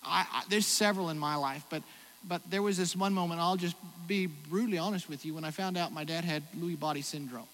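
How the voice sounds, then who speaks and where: A man preaching a sermon as pastor, swinging between loud exclamations and hushed reflection. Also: fairly high pitch, a little fast. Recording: hall reverb, faint noise.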